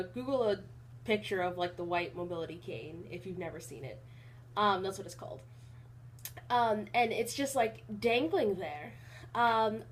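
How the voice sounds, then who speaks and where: A young woman talking casually in a rambling vlog, with an even, not very emotional delivery and lots of fillers. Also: medium pitch, a little hiss or hum. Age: young adult. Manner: rambling with many fillers and restarts. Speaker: college vlogger.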